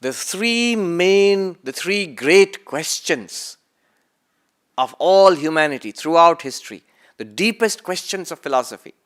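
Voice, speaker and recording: Man, higher-pitched voice, spiritual talk, rhetorical questions, deliberate repetition, soft trailing endings. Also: animated, clear, resonant tone. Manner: slow deliberate delivery with repeated phrases. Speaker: monk giving a spiritual talk. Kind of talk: lecture-style sermon.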